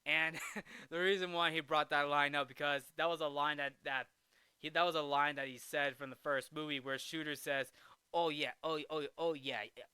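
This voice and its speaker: A man's voice: fairly high pitch, little pitch movement, moderate pace, bright, forceful tone, smooth, no echo. A man hosting a casual film recap, rambling with frequent restarts and fillers.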